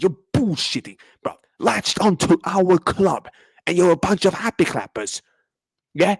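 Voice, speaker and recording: Husky, furious man ranting live. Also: on the high side, no echo. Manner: ranting, swearing, street slang. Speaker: host. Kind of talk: angry live match reaction.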